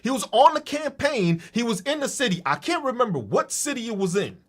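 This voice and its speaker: A man's voice: very high voice, very animated, a little fast. A man hosting a podcast, delivering a profane, mocking political rant. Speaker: podcast host. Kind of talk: ranting political monologue.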